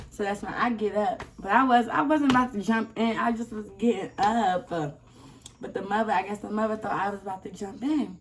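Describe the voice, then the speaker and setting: A young woman vlogger telling a casual storytime, animated and acting out the people in it. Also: medium pitch, brisk. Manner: animated, acts out quoted people. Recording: slightly distant mic, faint noise.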